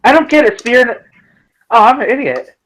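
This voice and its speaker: A man's voice: very high-pitched, expressive, a little fast, noisy background. A man on a drunk group stream, talking hyper and crude, with lots of laughing and stammering. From Michigan. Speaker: stream guest. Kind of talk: drunk casual chat.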